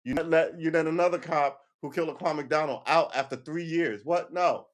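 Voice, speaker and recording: Pitched on the high side and speaking briskly, a man hosts a casual livestream. His rant is heated and full of swearing, and he keeps tossing in "right?" and laughing between points.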